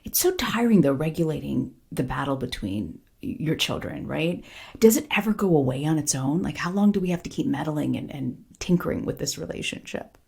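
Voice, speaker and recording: A woman co-hosting a podcast in casual chat, expressive and asking frank questions. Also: sits low, a little fast, vocal fry, slightly rough. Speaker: podcast co-host.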